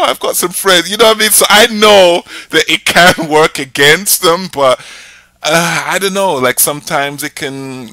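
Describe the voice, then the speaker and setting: A young man co-hosting a podcast, chatting casually and telling lively stories with acted-out quotes. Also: mid-range voice, dry recording. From Nigeria. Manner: animated storytelling, acting out quoted voices. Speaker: podcast co-host. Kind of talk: casual chat.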